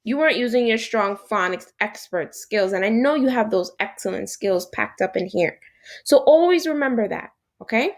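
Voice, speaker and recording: A woman teaching a recorded phonics lesson to young children, animated and encouraging, speaking to an unseen class. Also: mid-range voice, moderate pace.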